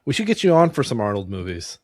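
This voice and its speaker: A man's voice: medium pitch, sing-song, fast, dry recording. A man in his thirties hosting a podcast, reading a film summary aloud with dry asides. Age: 30s. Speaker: podcast host.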